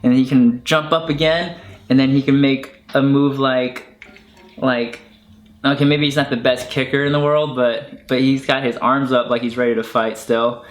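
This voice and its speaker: Faint music plays in an echoey room as a young man, an online video creator, chats casually about his childhood toys while showing them. His voice is mid-range and flat at a normal speed, yet he's enthusiastic, rambling with plenty of fillers.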